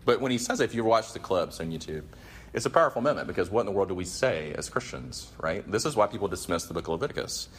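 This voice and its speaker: A man's voice: low-pitched, lively intonation, fast talker, husky. Earnest, casual-talking man preaching. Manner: earnest, casual, many fillers and restarts. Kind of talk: conversational sermon with prayer. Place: meeting room with a gathering.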